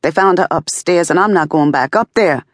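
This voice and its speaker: A woman's voice: lowish voice, normal speed, no room sound, clean studio sound, pitched above the performer's own voice, close to an everyday voice. A woman reading the lines of a distraught grown son in shock, repeating himself. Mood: panicked.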